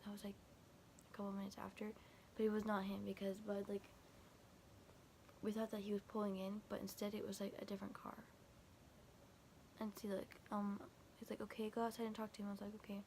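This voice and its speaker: A woman's voice: mid-range voice, monotone, fairly quick, darkish tone, a little hiss or hum. A young woman vlogger casually retelling a scary night, quoting back and forth with lots of "like" and restarts. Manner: quotes texts with constant "I was like", "he's like"; rambling, filler-heavy, frequent restarts.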